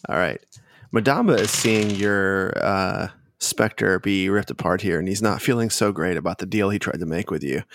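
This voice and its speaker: A man's voice: sits low, normal speed, fairly bright tone. A man narrating as game master of a tabletop game, casual and laid-back, swearing now and then.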